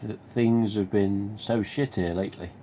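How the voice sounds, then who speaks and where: A man's voice: fairly low pitch, fairly even intonation, moderate pace, warm tone, a little hiss or hum. A man with a Nottingham accent, hosting a live stream and casually telling a rambling, sweary story with restarts. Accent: Nottingham English. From England.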